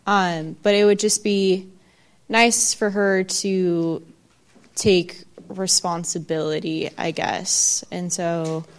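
Female guest, low voice, hesitant and soft-spoken. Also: fairly even intonation, takes it slowly. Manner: hesitant, soft, full of fillers. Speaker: guest being counseled. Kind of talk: casual conversation.

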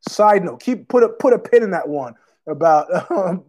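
Profane, rambling man with a high voice. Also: lively intonation, moderate pace, a little mellow. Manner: profane, digressive storytelling with many fillers. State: has a cough. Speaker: podcast host. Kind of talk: casual rambling monologue.

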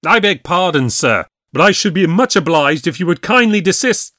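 A man voicing an agitated middle-aged lawyer who speaks loudly and shouts in alarm, in a spoken ghost story. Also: mid-range voice, expressive, normal speed, no echo, clean studio sound, voice pushed up, lightly acted. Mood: angry, alarmed.

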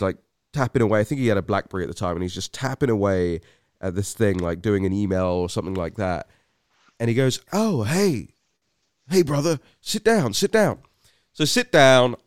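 A man's voice: lowish voice, smooth, dry recording, clean studio sound. A British man from West London, host of a podcast, telling a story in a rambling, self-deprecating way with many restarts. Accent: British English. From West London, England. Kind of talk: casual anecdotal storytelling.

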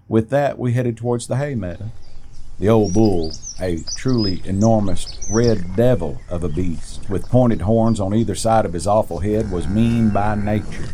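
A man reading a first-person story aloud in a plain, steady way, with an occasional restart. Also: lowish voice, normal speed, slight background noise.

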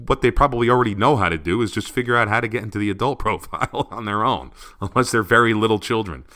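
Podcast co-host, male, bright voice, rambling and opinionated, casual delivery. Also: fairly low pitch, fast.

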